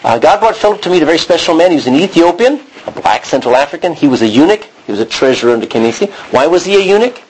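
A man's voice: a little high, very animated, very fast, hardly any pauses, darkish tone, a little hiss or hum, low-quality recording. A man preaching a sermon, telling a personal story in a rambling way, often restarting and acting out what he said. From Texas. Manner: rambling storytelling, frequent restarts and self-quotes.

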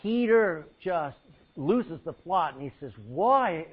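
Animated man preaching, husky voice. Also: a little high, slow pace, highs cut off. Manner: animated, acts out Bible scenes with laughs and dramatic drops in volume. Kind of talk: sermon.

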